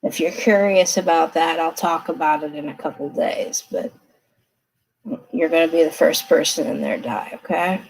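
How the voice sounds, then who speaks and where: A woman's voice: low-pitched, moderate pace, poor audio. A woman giving a casual live tarot reading from her desk, chatty and reassuring, often checking in with the listener. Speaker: tarot card reader. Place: seated at a desk.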